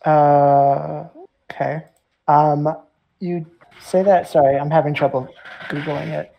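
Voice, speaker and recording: Gravelly-voiced, halting game master. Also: mid-range voice, little pitch movement, dull audio. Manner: halting, lots of fillers. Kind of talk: narrating a tabletop game.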